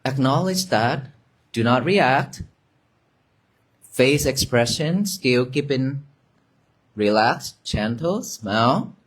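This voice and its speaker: A male Buddhist monk with a mid-pitched, animated voice and a breathy edge guides meditation very slowly and gently during a dharma talk. His cues are repetitive and sometimes soft, delivered to an audience at a monastery gathering.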